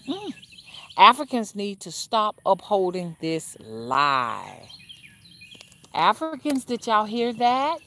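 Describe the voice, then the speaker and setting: A woman's voice: mid-range voice, very animated, unhurried, fairly bright tone. A woman rootworker hosting a casual livestream, chatting to viewers as y'all and reading their comments aloud, rambling with restarts. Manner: rambling with frequent restarts and fillers.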